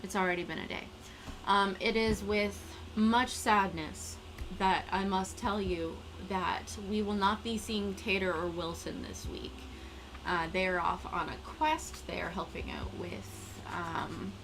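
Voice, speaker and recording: A woman's voice: medium pitch, unhurried, noisy background. A woman hosting a casual live stream, chatting in a rambling, self-deprecating way.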